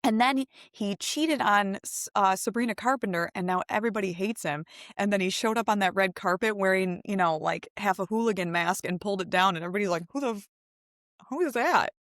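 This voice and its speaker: A woman's voice: mid-range voice, fairly even intonation, fairly bright tone, dry recording, studio quality. Chatty young woman podcast co-host. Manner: chatty, laughing, quick to gossip. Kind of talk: casual chat.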